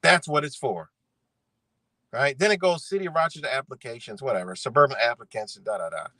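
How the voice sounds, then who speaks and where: A young man from ranting in commentary, profane and animated, often asking "right?". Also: medium pitch, fairly quick, no echo, rough recording. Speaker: commentary streamer.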